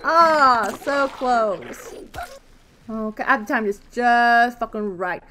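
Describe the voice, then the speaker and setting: A woman giving let's play commentary on a game she is playing, excitable, with loud exclamations, gasps and casual swearing. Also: a little high, slow pace, a little hiss or hum. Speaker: gaming video creator. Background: faint game music.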